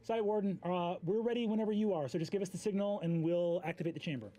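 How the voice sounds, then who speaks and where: A man voicing an eager technician speaking quickly over a magical loudspeaker. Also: high voice, pitched above the performer's own voice, rough recording.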